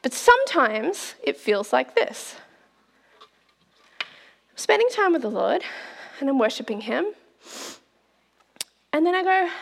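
A middle-aged woman giving a storytelling sermon, animated and laughing, acting out the voices she quotes. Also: high-pitched, slow, vocal fry, long pauses. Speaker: speaker at a church talk.

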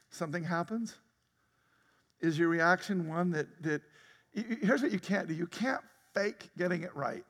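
Man preaching, high gravelly voice, casual and laughing, long hall reverb. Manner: conversational preaching with laughter and sudden loud outbursts. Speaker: pastor. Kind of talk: sermon. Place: church sanctuary.

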